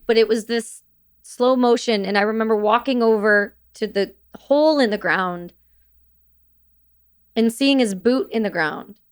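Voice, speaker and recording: In a voice on the high side, a woman veteran shares war memories on a podcast as a guest. Her telling is halting, full of restarts and blunt swearing.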